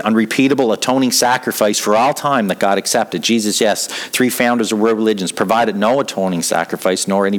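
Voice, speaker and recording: A middle-aged pastor with a lowish voice preaches a sermon earnestly, often repeating words as he builds his point. The recording quality is low.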